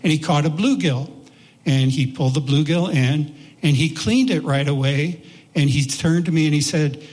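A man recounts a memory in a folksy, unhurried storytelling voice, slipping into the voices of the people he quotes. His voice sits a little high, and a long reverb trails each phrase as if he stands in a large hall. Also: darkish tone. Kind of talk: personal storytelling.

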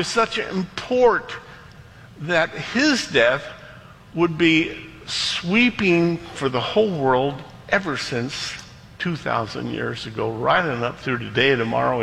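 A man preaching a sermon as pastor, emphatic, slowing down hard on key words and rushing through asides. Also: on the high side, lively intonation, vocal fry, sharp tone, slight background noise. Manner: emphatic, dramatic slowdowns, quick asides. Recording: long hall reverb.

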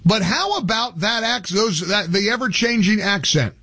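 This radio host's voice sits high with a breathy edge, at a moderate pace. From the studio he launches into a heated, animated, opinionated monologue, stumbling and starting over many times.

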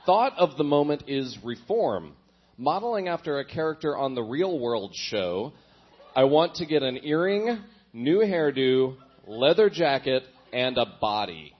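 A young man reads his old diary aloud for laughs, breaking off for self-mocking asides. His voice sits at a middle pitch and he chuckles often. The recording is dull and lo-fi. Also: very animated, measured pace, husky. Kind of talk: comic reading with asides.

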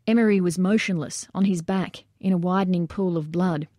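A woman reading nonfiction narration aloud in steady storytelling style. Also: fairly low pitch, normal speed, no room sound, studio quality. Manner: steady storytelling that acts out shouted quotes.

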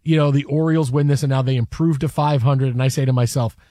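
A man hosting a casual sports chat, animated and rambling with restarts. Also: medium pitch, fast, no echo. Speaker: sports podcast host.

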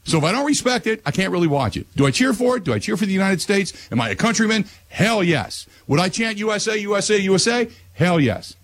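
Radio talk host, male, husky, lively pitch, opinionated rant. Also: fast, hardly any pauses, dry recording. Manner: animated ranting, voice climbing high when worked up.

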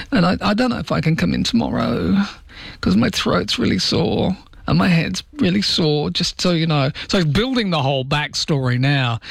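Australian male radio host, mid-pitched, rambling joky banter, dead-dry studio sound. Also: a bit bright, no room sound. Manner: chatty, joking, rambling. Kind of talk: casual radio chat. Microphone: studio microphone.

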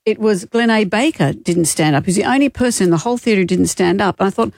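A woman's voice: mid-range voice, quick pace, a little mellow, dry recording, clean studio sound. A woman co-hosting a radio show, telling stories and teasing her co-host in casual banter. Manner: chatty, teasing storyteller.

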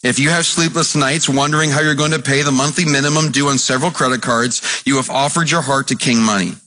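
A man preaching a sermon as pastor, impassioned, swinging between shouted passages and low, earnest talk. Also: fairly even intonation, fast talker.

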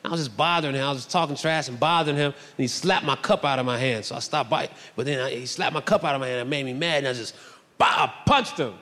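A male stand-up comedian telling a story in an animated way, often breaking into shouted bits. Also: medium pitch, rapid-fire, hardly any pauses, big-room sound.

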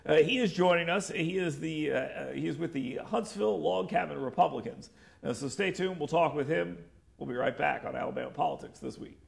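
A man hosting a political talk show, animated and incredulous, with laughing asides. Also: on the high side, brisk, vocal fry, breathy edge. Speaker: host.

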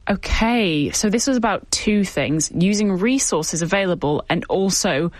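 A woman's voice: medium pitch, expressive, unhurried, no room sound. Inquisitive woman co-presenter, conversational, dry studio mic. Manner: curious, asks questions. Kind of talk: conversational radio documentary.

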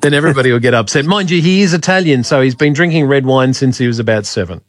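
A man's voice: medium pitch, fast talker, no room sound. Bantering Australian male radio host. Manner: jokey, bantering. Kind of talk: casual radio chat. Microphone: studio microphone.

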